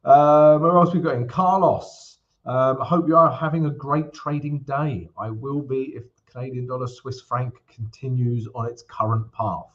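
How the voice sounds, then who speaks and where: Here the trading-stream host talks at normal speed with few pauses, his medium-pitched voice fairly even and the sound lo-fi. It's casual live chat and a chart walkthrough, delivered in an upbeat, chatty manner with greetings to viewers and frequent "right?" check-ins.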